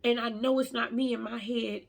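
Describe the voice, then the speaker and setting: Woman vlogger, heartfelt and halting, gravelly husky voice. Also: on the high side, flat delivery. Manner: emotional, heartfelt, stammering restarts. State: tearful at times. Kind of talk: personal faith vlog.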